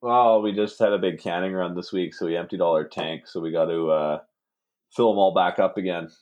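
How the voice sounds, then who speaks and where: Brewer, low voice, jokey, swears, laughs a lot. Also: male voice, fairly even intonation, brisk, a little mellow, muffled recording. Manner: joking, profane, laughs often. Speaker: podcast co-host, brewer. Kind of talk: casual chat.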